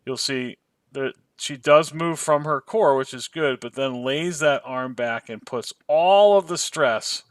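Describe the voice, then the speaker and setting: A man co-hosting a podcast, talking in an emphatic, exasperated and animated way. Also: a little high, measured pace, no echo. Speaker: podcast co-host. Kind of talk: casual podcast discussion.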